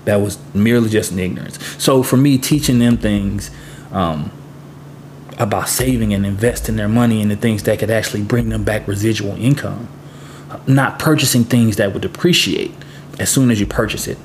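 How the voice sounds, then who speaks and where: A man's voice: lowish voice, moderate pace, slight background noise. Earnest middle-aged man hosting a podcast. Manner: earnest, reflective, repeats words while thinking. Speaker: podcast host. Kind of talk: solo podcast monologue.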